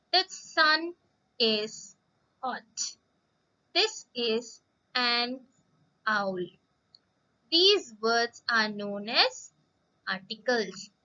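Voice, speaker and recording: Slow, patient woman teacher, dull recording. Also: high-pitched, pushed and bright. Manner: slow and patient, repeats words, often addresses the children. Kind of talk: recorded classroom lesson for young children.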